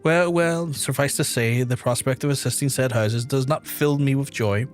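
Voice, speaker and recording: A man's voice: medium pitch, normal speed, soft background music, lightly acted. A man voicing a proud young noble knight, reading the lines in a stiff, formal way and stumbling over some words.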